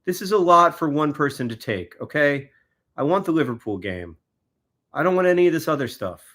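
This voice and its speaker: A man's voice: on the high side, animated, a little fast, fairly bright tone. A man, chatting casually on a livestream, giving exasperated, wry running commentary to viewers. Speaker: livestreamer signing autographs.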